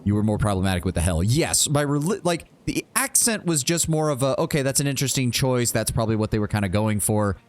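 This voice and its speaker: A man's voice: medium pitch, lively intonation, fast, hardly any pauses. A man casually commentating his game playthrough, blunt and chatty, swearing freely and reading dialogue choices aloud. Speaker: streamer. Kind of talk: casual let's-play commentary.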